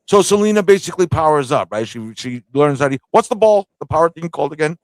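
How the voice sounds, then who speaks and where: Excitable man chatting about movies. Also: on the high side, quick pace, no room sound. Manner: excitable, laughing, acts out scenes. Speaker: podcast co-host. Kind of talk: casual movie review chat.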